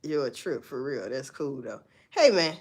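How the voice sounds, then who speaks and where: A woman's voice: very deep voice, animated, moderate pace. A woman hosting a livestream, ranting bluntly and profanely with rhetorical questions. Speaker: livestream host. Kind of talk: casual livestream commentary.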